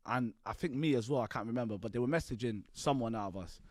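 A man's voice: medium pitch, quick pace, darkish tone, no room sound. A man in his twenties, a podcast guest telling a story in slangy talk and often laughing as he goes. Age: 20s. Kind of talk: animated storytelling.

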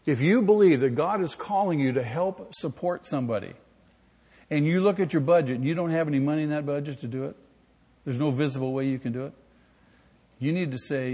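Husky male pastor preaching in a hall. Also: on the high side, fairly quick, dark tone. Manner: emphatic, asks the congregation questions. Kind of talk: sermon. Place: church sanctuary. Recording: long hall reverb.

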